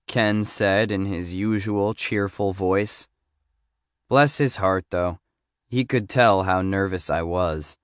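A man narrating a first-person story in a measured, even audiobook reading. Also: fairly low pitch, clear, resonant tone, no room sound, studio quality.

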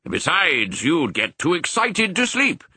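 Casting: a man putting on a hearty old sheepdog colonel for a storybook, bright and forceful, bouncing all over his range, slightly husky. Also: on the high side, wildly swooping pitch, dry recording, pitched above the performer's own voice, heavily acted. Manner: brisk, bluff, fatherly. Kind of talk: audiobook character voice.

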